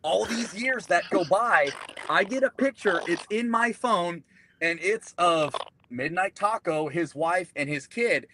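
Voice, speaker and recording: A man's voice: high-pitched, a little slow, background noise. A man, a veteran guest, telling profane, joking stories in a casual chat.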